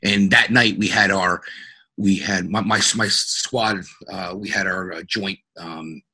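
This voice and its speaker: A middle-aged police officer speaks low and husky with a forceful, bright edge. He tells his story haltingly and earnestly, stopping often to restart and fill pauses as a podcast guest. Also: steady tone. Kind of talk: personal story in a podcast interview.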